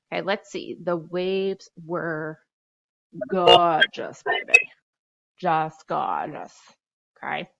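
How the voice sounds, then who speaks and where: A woman's voice: lowish voice, creaky, a bit bright, muffled recording. A woman teacher walking a class through revising a story, reading drafts aloud, spelling words out letter by letter and chatting playfully as she goes.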